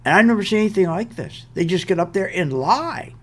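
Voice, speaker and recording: Delivering an animated market commentary rant, this older show host sounds exasperated and emphatic, repeating points to drive them home. His high voice is animated, a bit bright, and fairly quick.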